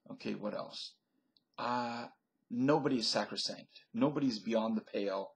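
In a rough recording, an older man with a lowish, gravelly voice rambles through a stream-of-consciousness comedy monologue into his webcam at home. This vlogger keeps laughing at his own jokes.

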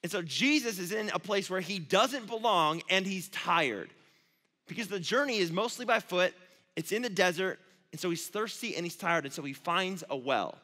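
A man, a youth pastor, giving a casual, storytelling sermon with animated asides. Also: high-pitched, moderate pace. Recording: long reverb of a large hall.

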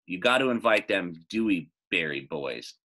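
A man's voice: low-pitched, lively intonation, moderate pace, pushed and bright, full character voice. A man doing a folksy, drawling old Southern woman. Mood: amused.

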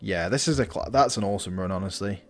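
A man's voice: deep voice, quick pace. Rambling man, gameplay commentary. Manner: rambling, thinking aloud with many restarts. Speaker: gaming channel host. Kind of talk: casual let's-play commentary.

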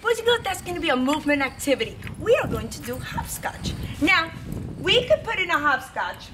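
A woman's voice: high voice, big pitch swings, a little fast, noisy background. A woman teaching a preschool lesson to young children, in a cheerful sing-song way.

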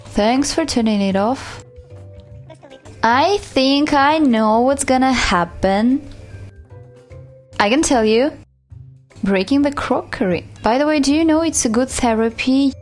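Woman let's-play host, unhurried and a bit high, chatty and teasing. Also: darkish tone, faint music behind. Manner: chatty, playful, talks to her pet like a baby. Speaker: gaming YouTuber.

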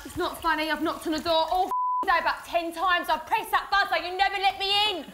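A woman's voice: very high voice, steady tone, brisk, heavy background noise. A young woman on a reality show in a distressed outburst, whining, swearing and repeating complaints near tears. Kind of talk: emotional outburst. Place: indoors in a house.

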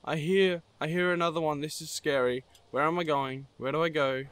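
A man's voice: fairly high pitch, steady tone, moderate pace, hardly any pauses, a bit bright, a little hiss or hum. A man giving nervous let's-play commentary through a horror game map, easily scared and talking to the monsters he meets. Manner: jumpy and easily scared, panicked bursts of no. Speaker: gamer playing a horror map.

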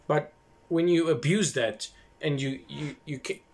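A man's voice: on the high side, measured pace, breathy edge. A man hosting a casual talk, retelling history loosely with asides, restarts and self-corrections.

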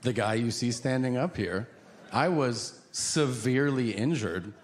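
A man doing stand-up on a comedy stage, telling stories in a wry, self-mocking way with halting fillers. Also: mid-range voice, animated. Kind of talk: stand-up storytelling. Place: comedy stage with live audience. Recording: noisy live stage recording.

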